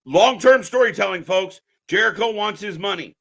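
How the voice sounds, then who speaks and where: A man ranting on a live stream as a wrestling commentator, profane and mocking, swinging between muttering and shouting. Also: a little high, very animated, normal speed, vocal fry.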